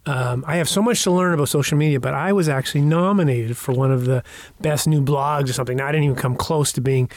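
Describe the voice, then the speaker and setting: A man co-hosting a podcast, talking haltingly with many fillers. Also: mid-range voice, dry recording. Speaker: podcast co-host. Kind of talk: casual podcast chat.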